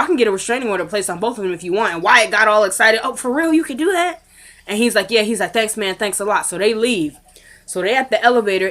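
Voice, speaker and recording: A woman's voice: medium pitch, fairly bright tone. A woman casually recapping a TV drama episode for her viewers, retelling the scenes by acting out the characters' lines and talking straight to her audience. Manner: chatty, addresses viewers directly. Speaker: recap vlogger. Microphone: camera mic.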